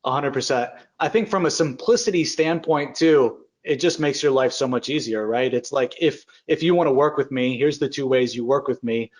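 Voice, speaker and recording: A man's voice: medium pitch, moderate pace, few pauses, a little mellow. Agreeable male podcast host. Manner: agreeable, summarizing and prompting questions. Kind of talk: conversational podcast interview.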